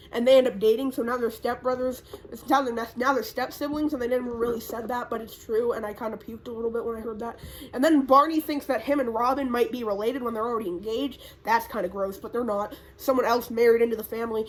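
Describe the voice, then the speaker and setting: A young woman talks off the cuff in a slightly high voice, rambling and swearing her way through a recap. She fills her pauses with ums and uhs, like a casual vlogger chatting to camera. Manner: rambling, profane, lots of fillers. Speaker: YouTuber.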